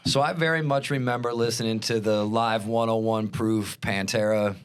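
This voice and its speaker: Laid-back swearing podcast host. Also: male voice, lowish voice, fairly even intonation, normal speed, clean tone. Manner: loose and enthusiastic, swears casually. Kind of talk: casual podcast interview.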